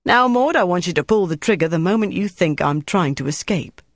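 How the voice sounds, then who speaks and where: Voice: medium pitch, animated, a little fast, no echo, studio quality, lightly acted. An audiobook reader voicing a tough, showy male self-defense instructor who gives commanding instructions.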